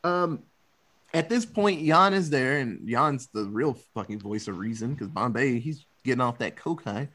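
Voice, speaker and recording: Animated young man recapping a film, swearing freely. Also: mid-range voice, normal speed. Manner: profane, laughing, acts out characters' lines. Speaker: podcast co-host recapping a film. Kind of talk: casual chat.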